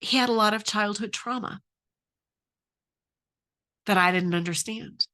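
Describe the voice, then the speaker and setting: A woman's voice: mid-range voice, measured pace, pushed and bright. A middle-aged woman coaching on relationships, asking earnest questions and telling her own story. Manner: earnest, asks many questions. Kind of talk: advice talk with personal story.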